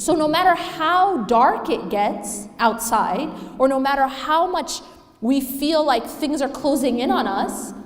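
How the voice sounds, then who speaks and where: A woman's voice: high-pitched, animated, measured pace. A woman giving a religious talk to a live audience, emphatic and asking them questions. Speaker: Islamic speaker. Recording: echoey hall with long reverb.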